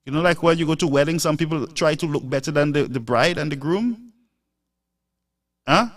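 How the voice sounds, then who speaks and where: A man's voice: on the high side, normal speed, distant mic. A man hosting a live show, delivering an emphatic, preachy monologue full of rhetorical asides.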